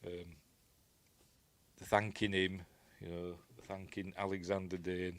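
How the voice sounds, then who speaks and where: A man's voice: sits low, little pitch movement, slow pace, pauses often, dry recording. A man with a Yorkshire accent giving a rambling, chuckling commentary on a film, acting out quoted lines. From Yorkshire, England. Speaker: film reviewer.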